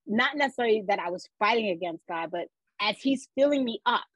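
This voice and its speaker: Husky woman telling her story. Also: a little high, a little fast, dry recording, low-quality recording. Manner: animated storyteller acting out quoted voices. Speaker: podcast guest. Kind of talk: personal storytelling.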